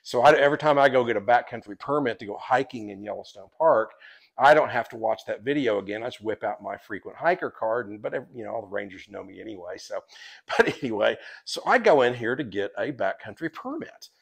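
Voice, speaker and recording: A chatty tour guide with a gravelly, creaky voice at an ordinary middle pitch. He wanders through his stories in an easy, unscripted way and laughs often along the way. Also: lively intonation. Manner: rambling, chatty, quick to laugh. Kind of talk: casual podcast storytelling.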